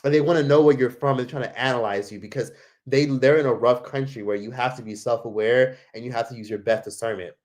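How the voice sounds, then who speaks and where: An American travel vlogger tells a travel story fast in a medium-pitched, fairly even voice. He rambles casually, piling on fillers and profanity.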